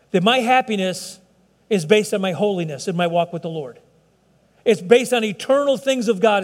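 A man's voice: high voice, in a large hall. A man preaching a sermon, talking with the congregation and asking them questions. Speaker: pastor. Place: church, broadcast service.

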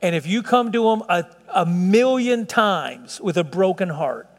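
High-voiced preaching man in a reverberant hall. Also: lively intonation. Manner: preaching with slowed, stretched emphasis and rising intensity. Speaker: pastor. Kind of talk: sermon.

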